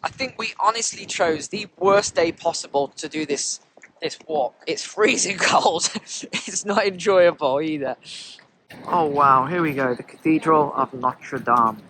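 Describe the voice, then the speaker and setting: A man's voice: a little high, a little slow, background noise. A man talking to his viewers in a chatty way as he films a walk through city streets in the snow. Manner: chatty, talks to viewers while walking. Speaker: vlogger. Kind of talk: walking travel vlog commentary.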